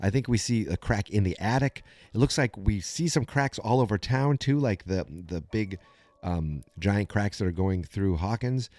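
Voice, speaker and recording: A man hosts a podcast and recaps an episode in a chatty, animated way. His voice sits a little low. The recording is close and dry with no room sound. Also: moderate pace, dry recording. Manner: chatty, animated storytelling with many fillers and restarts. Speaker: podcast host.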